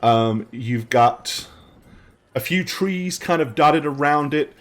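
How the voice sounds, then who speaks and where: A man's voice: a little high, expressive, slow pace. A man narrating a tabletop game as game master, rambling through scene descriptions with lots of ums.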